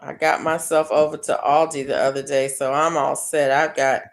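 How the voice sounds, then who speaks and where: A middle-aged woman hosting a casual chat with friends, telling animated stories and laughing often. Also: low-pitched, normal speed, low-quality recording. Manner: animated storyteller, laughs often, Southern-style "y'all". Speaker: show host.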